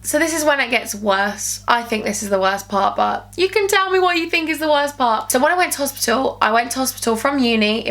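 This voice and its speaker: A young woman with a high voice tells a storytime vlog from her bedroom. She talks in an animated, gossipy way and jumps into sudden squeals when she quotes people. Her throat is a little sore. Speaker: vlogger.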